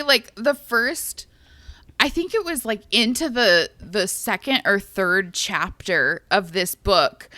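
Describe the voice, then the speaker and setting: A woman co-hosting a book podcast in casual chat, animated and giggly, with lots of fillers. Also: medium pitch, no echo. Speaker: podcast co-host.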